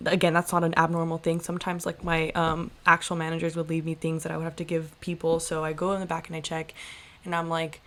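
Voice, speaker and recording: Young woman, lower voice, chatty podcast storyteller, fillers everywhere, acts out the dialogue. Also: quick pace. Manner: animated, lots of "like" fillers, acts out quoted voices. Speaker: podcast co-host. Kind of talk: casual storytelling.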